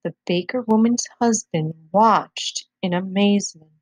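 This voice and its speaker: A woman reading a folktale aloud to children, expressive and measured. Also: mid-range voice, no room sound. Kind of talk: children's storybook read-aloud.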